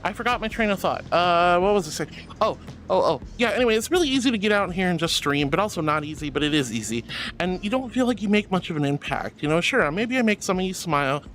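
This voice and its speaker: A woman streamer in casual chat who warmly and effusively greets her viewers by name and thanks them. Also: on the low side, animated, fast, slight background noise.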